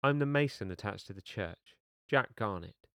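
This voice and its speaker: A man reading aloud gives voice to a mild young stonemason who speaks plainly and without fuss. The voice is low and dry, recorded close. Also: lively intonation, normal speed, creaky, a bit bright, no echo.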